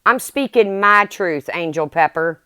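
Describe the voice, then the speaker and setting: A woman's voice: lowish voice, animated, measured pace, pushed and bright, clear, resonant tone, no echo. A middle-aged woman ranting bluntly and heatedly on her livestream, swearing as she talks to her viewers. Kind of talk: angry livestream rant.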